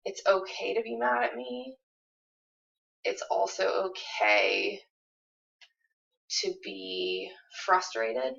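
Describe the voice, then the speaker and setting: A woman voicing a gentle, reassuring husband in a role-play, speaking in a soft, comforting way. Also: mid-range voice, slow, vocal fry, long pauses, exaggerated voice. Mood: tender. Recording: distant, dull lo-fi recording.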